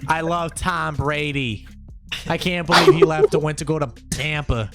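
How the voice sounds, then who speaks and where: A man's voice: a little high, moderate pace, over loud music, natural voice. A man voicing a brash working-class Boston guy in a put-on Boston accent, drawling and boastful.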